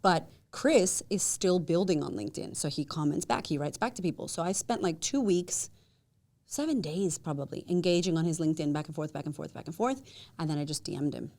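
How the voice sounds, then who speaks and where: A woman with a somewhat low speaking voice chats as a podcast guest. She tells her stories with lively energy and voices the quotes of other people in a much higher pitch. She laughs easily and drops the odd swear word. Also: fairly quick. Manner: animated storyteller who acts out quotes with big jumps up in pitch; swears casually and laughs often. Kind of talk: casual podcast conversation.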